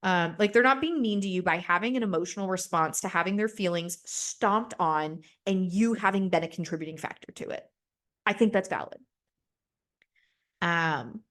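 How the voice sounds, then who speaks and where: A young woman hosting a podcast, chatting casually and gossiping, acting out quotes in exaggerated voices. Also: lowish voice. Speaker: podcast host. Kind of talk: casual chat recapping a reality show.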